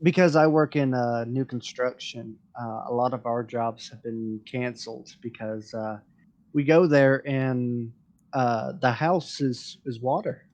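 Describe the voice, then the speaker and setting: A man's voice: medium pitch, unhurried, darkish tone. A man hosting a casual group voice chat, rambling and joking with many fillers and restarts as he leads a drawing session. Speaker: stream host leading a drawing session.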